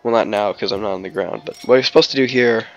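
A man's voice: fairly low pitch, quick pace, muffled recording. A man narrating his gameplay in a casual, rambling way, full of "like" and restarts, with jokes and snatches of song. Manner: jokey, breaks into snatches of song and silly voices. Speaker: let's play host.

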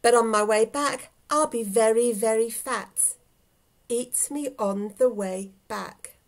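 A woman's voice: fairly high pitch, slow. A woman voicing a frail, skinny little old woman who pleads politely in a quavering voice. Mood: pleading.

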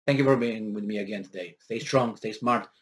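A man's voice: fairly low pitch, fairly quick, slight background noise. A man giving an opinionated vlog monologue, combative and full of rhetorical questions. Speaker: political commentary vlogger.

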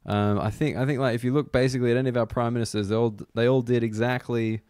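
A man's voice: mid-range voice, steady tone, fast talker, a little mellow, clean tone, no echo, studio quality. A young Australian man hosting a comedy podcast, chatting casually with jokey, rambling asides. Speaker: podcast host. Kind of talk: casual chat.

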